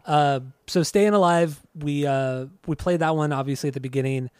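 Relaxed rambling podcast man. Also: on the high side, moderate pace, clear, resonant tone, no echo, clean studio sound. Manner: relaxed, rambling, many restarts, laughs often. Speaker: podcast co-host. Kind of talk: casual chat.

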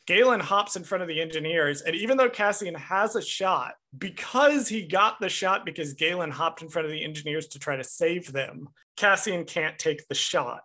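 Man, bright voice, slightly high pitch, animated, enthusiastic, casual podcast movie recap. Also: normal speed, few pauses. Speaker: podcast co-host.

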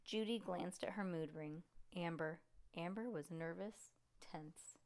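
A woman reading a storybook aloud to a child in a lively, expressive way. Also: fairly low pitch, unhurried.

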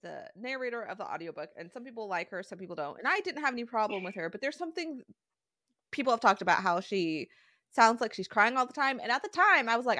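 Lively, bright-voiced woman chatting. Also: fairly high pitch, no room sound, studio quality. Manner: chatty, animated, quick asides and put-on quotes. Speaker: podcast host. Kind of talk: casual book discussion.

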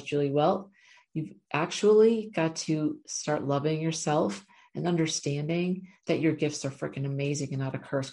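A woman's voice: low-pitched, creaky, warm tone. A woman working as a spiritual coach, giving an earnest, repetitive motivational talk to her viewers as she reads oracle cards. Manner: earnest, repetitive, often asks "right?".

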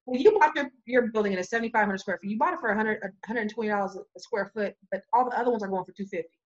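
A woman telling a long story in casual chat, animated, acting out quoted voices and laughing often. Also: mid-range voice, very fast, dull audio. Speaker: real estate business owner.

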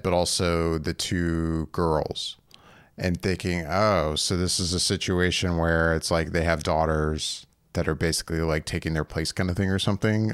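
A man's voice: sits low, clear, resonant tone, no room sound, clean studio sound. A man co-hosting a podcast in casual chat, rambling with frequent laughs and restarts. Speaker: podcast co-host.

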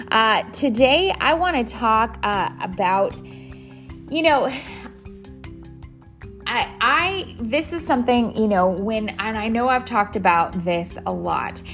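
Woman podcast host, 30s, chatty and rambling, mid pitch, faint music bed. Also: vocal fry. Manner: chatty, many fillers and restarts. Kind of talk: casual solo podcast talk.

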